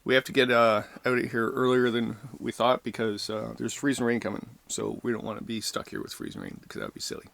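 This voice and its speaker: A man's voice: medium pitch, expressive, quick pace, gravelly, few pauses, fairly bright tone, no room sound. A middle-aged man chatting casually and joking while he cooks at camp. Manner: easygoing, jokey, chatty while cooking. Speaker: camping vlog host. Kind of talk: casual cooking vlog chat. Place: heated winter tent outdoors. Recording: noisy outdoor camp audio.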